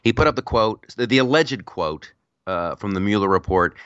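A man's voice: on the low side, expressive, moderate pace, fairly bright tone, no room sound, dull audio. A man co-hosting a casual political chat podcast, rambling and repeating words as he tells stories. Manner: chatty storyteller, repeats words, laughs, puts on silly voices. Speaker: podcast co-host.

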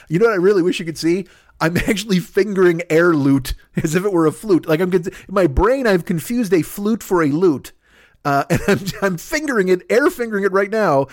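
A middle-aged man doing a rambling, profane comic monologue as a podcast host, slipping into quick voices for made-up characters. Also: fairly high pitch, expressive, dry recording, studio quality.

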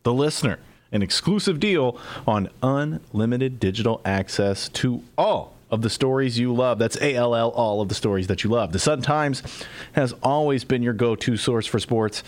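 A man's voice: mid-range voice, normal speed. Man with an upbeat ad-read voice. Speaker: show producer and ad reader. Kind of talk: read ad and show update.

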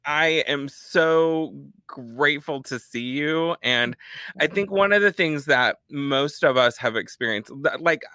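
A woman co-hosting a podcast, chatting casually, playful and supportive and quick to laugh. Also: sits low, a bit bright, dry recording. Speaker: podcast co-host.

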